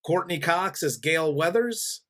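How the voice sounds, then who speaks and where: A man in his forties hosts a relaxed movie review chat, easygoing and often laughing. His voice sits a bit higher than most men's. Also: measured pace. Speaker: podcast host.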